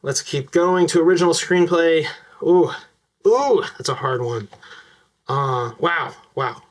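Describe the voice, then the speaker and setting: Fast-talking, excitable young man. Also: fairly high pitch. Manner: enthusiastic, fast-talking with frequent fillers. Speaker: vlogger. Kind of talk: casual film commentary to camera.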